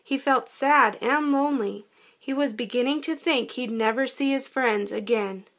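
A woman reading a children's storybook aloud in a gentle, expressive way. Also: sits high, normal speed. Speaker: storybook narrator.

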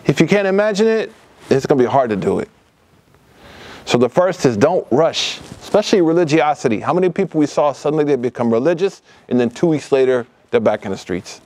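A middle-aged man giving an informal religious lecture to youth in a mosque hall, talking in lively, casual street slang and acting out the voices of people in his stories. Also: on the high side, a little fast. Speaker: lecturer at a youth study circle. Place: mosque hall, live audience.

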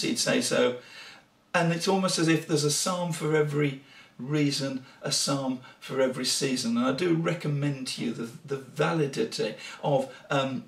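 A man's voice: a little high, gravelly. A man giving an earnest, explanatory teaching talk on worship music. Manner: earnest, explanatory, breaks into sung examples. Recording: echoey room from a distant mic, faint guitar.

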